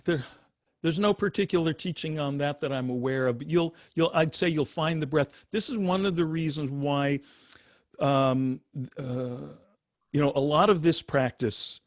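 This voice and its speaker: An older man teaching meditation over a video call, unhurried, with frequent fillers and restarts as he spells out and pronounces each syllable of a chant. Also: mid-range voice, dry recording, clean studio sound.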